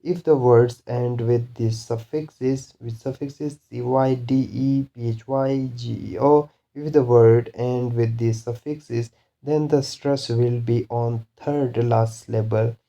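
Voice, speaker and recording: A man teaching a pronunciation lesson, repeating example words slowly for students to follow. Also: medium pitch, fairly even intonation, vocal fry, mellow, dull audio. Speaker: English teacher.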